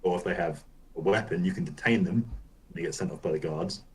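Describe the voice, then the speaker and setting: A man with a deep, low-pitched voice co-hosts a gaming podcast. He talks in a loose, rambling way and swears casually as he explains things. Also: quick pace, rough recording. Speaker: podcast co-host.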